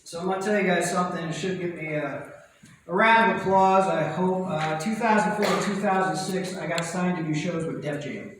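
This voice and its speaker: Stand-up comic from Indiana, chatty storyteller, high voice, big reverberant hall. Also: male voice. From Indiana, USA. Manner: quick, conversational storytelling. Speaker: stand-up comedian. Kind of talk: stand-up set. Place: large theater stage. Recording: echoey theater, far from mic, noisy.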